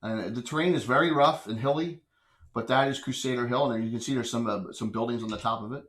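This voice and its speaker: A man running a tabletop game as game master, explaining in a relaxed way with many fillers. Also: mid-range voice, fast.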